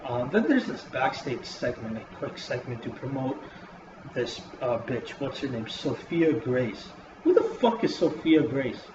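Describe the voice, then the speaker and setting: A man's voice: medium pitch, sing-song, a little slow. A man casually reviewing a wrestling show in a vlog, swearing often and rambling with lots of fillers. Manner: profane, rambling, full of fillers. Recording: roomy dull lo-fi with hiss.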